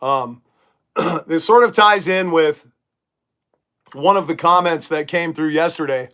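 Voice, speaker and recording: A middle-aged man chats to his live audience from his bedroom, loose and emphatic, answering viewer comments as they come. His voice sits a little higher than most men's. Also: slow, a bit bright, smooth. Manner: chatty, emphatic, reads viewer comments aloud. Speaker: livestream host. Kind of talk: casual live-chat monologue.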